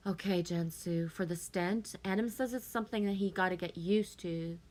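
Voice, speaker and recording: A woman's voice: fairly low pitch, moderate pace, a little mellow. A woman hosting a casual live stream, chatting with viewers, reading their comments aloud and laughing often.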